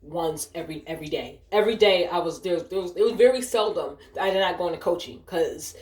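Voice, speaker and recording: A woman's voice: fairly low pitch, fast talker, darkish tone, reverberant. A woman telling a work story while gaming, cursing and ranting, often sidetracked. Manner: profane, ranting, easily distracted.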